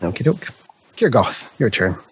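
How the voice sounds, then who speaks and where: A man's voice: on the low side, sing-song, normal speed, breathy edge, no room sound. A man acting as game master, steadily explaining each combat turn and chuckling often. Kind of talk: narrating a tabletop game.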